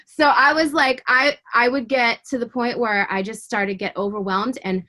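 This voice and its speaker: A woman guest in an interview giving a personal faith testimony. She speaks with emotion and earnestness, often halting, repeating words and restarting her sentences. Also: a little high, fairly even intonation, pushed and bright. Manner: fervent and earnest.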